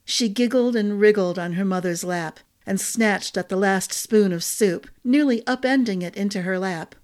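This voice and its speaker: A woman narrating a fantasy novel chapter in a calm, measured storytelling voice. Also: medium pitch.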